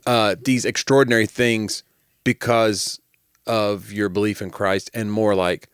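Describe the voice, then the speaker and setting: A man's voice: fairly low pitch, little pitch movement, a little slow, smooth, no room sound, studio quality. A man co-hosting a podcast, joking around and slipping into silly voices as he talks. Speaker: podcast co-host. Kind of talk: casual chat.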